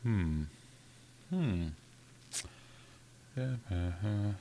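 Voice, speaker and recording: Scottish male livestream host, low-pitched, easygoing, reads viewer chat aloud. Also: lively intonation, extremely slow, dark tone, slight background noise. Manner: chatty, reads out viewer comments. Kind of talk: casual live Q&A chat.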